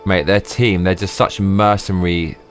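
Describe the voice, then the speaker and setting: A man live streaming, ranting and swearing in excited bursts. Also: sits low, moderate pace, soft background music. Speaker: livestreamer.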